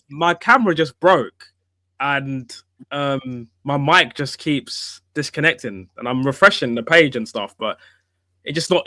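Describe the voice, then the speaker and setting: A man hosting a casual football stream, telling stories animatedly and laughing between lines. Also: on the high side. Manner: animated storyteller, acts out quotes loudly, laughs. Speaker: stream host. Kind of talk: casual chat.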